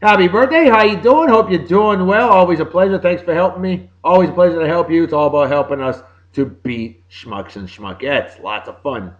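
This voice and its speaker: A man with a Boston accent hosting a casual show, giving upbeat, jokey birthday shout-outs. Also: high-pitched, normal speed, hardly any pauses, highs cut off. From Massachusetts. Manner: upbeat, jokey, sing-song greetings. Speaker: podcast host.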